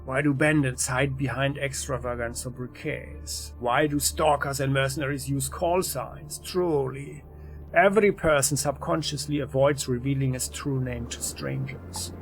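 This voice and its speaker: A man's voice: medium pitch, steady tone, a little slow, creaky. A man reading as an enigmatic philosophical stalker. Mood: measured. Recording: faint game music behind.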